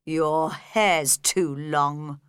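A woman voicing an odd, blunt male Hatter in a storybook reading, speaking slowly and deliberately in a lowered voice. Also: fairly even intonation, fairly bright tone, clear, resonant tone, no room sound, clean studio sound, exaggerated voice.

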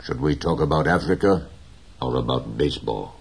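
Man doing a gentle old fisherman, super deep husky voice, slow and dignified. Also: animated, full character voice. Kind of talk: audiobook character reading.

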